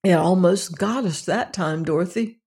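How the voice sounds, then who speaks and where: A reader voicing a cheerful young farm boy in an audiobook, slightly higher and brighter than the narration. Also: normal speed, gravelly, husky. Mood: cheery. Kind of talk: audiobook character reading.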